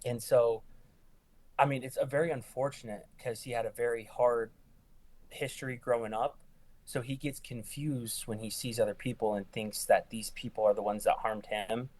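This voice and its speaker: Young male ER nurse, animated storyteller, mid-pitch voice, casual podcast chat. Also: normal speed. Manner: animated, acts out quoted lines with rising pitch. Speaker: ER nurse guest.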